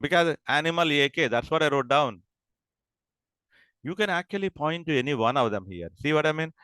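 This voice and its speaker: Man teaching a class, bright and crisp, dry recording, halting restarts. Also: fairly high pitch, animated, dry recording. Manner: repeats and checks understanding, halting restarts. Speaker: lecturer. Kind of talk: classroom lecture.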